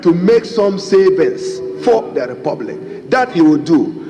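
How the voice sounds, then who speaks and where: A man's voice: sits high, sing-song, a little slow. A man with a Ghanaian English accent, a member of parliament giving a formal speech and repeatedly addressing the Speaker in a parliament chamber. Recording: reverberant chamber with faint noise.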